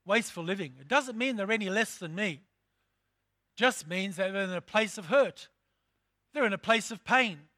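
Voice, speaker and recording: A man preaching a sermon, emphatic and fond of repeating his phrases. His voice sits high and rings bright and forceful as he calls out to his congregation. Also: animated, normal speed. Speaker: pastor.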